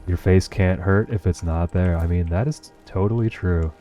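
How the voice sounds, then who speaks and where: Male streamer, New Jersey accent, low mellow voice, laid-back and profane, faint music behind. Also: normal speed. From United States. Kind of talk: casual chat while gaming, reading chat.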